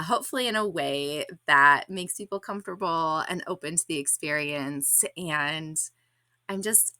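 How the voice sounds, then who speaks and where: Low-voiced woman reading her blog. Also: sharp tone, dry recording. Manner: candid, reflective, slightly awkward. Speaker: podcast host.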